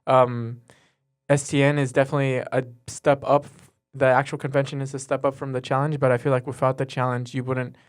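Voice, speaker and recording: Teenage boy, student guest, earnest, halting, monotone, smooth voice. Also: medium pitch. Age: teens. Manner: earnest, halting, with many fillers. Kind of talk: casual interview chat.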